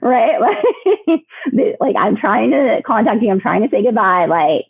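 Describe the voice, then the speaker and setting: Woman, guest telling stories, lively and rambling, dry close sound, phone-like line. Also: medium pitch, normal speed, vocal fry, slightly rough, dry recording. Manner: lively, laughs often, many fillers. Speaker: podcast guest. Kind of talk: emotional storytelling.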